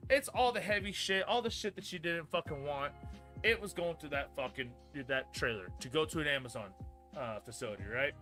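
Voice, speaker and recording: A man's voice: fairly high pitch, lively intonation, brisk, faint music behind. Profane thirty-something man ranting. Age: 30s. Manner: profane, rambling, gets loud and heated telling the story. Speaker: streamer. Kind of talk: casual storytelling chat.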